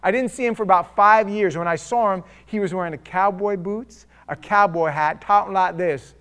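A man's voice: sits high, brisk, clear, resonant tone. Wry, conversational male pastor preaching. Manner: conversational, wry and humorous, swinging between loud and hushed. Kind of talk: sermon.

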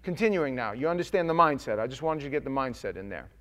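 A man preaching a sermon in a casual, folksy way, shifting from quiet asides to loud, emphatic scripture readings. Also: mid-range voice, expressive, fast talker. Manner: conversational, folksy preaching with slang.

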